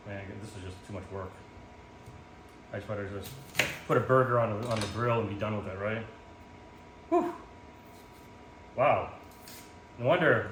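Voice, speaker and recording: A man chatting casually while cooking at home, rambling with lots of ums and self-mocking jokes, filmed on a phone. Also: fairly low pitch. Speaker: home cook vlogger. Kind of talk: casual cooking vlog chat. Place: home kitchen. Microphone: phone camera in portrait mode. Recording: echoey room with background noise.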